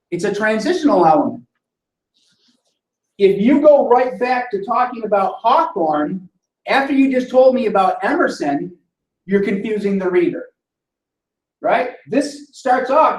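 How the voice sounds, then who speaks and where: A man's voice: high-pitched, expressive, normal speed. Man lecturing in a roomy classroom. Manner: explanatory, checks in with "right?" often. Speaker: instructor. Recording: roomy sound from a distant mic.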